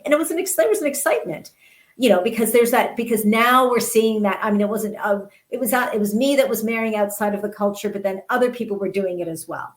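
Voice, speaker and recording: A woman's voice: medium pitch, fast talker, rough recording. A middle-aged woman, a guest in an interview, telling personal stories earnestly and often restarting her words. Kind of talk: candid personal storytelling.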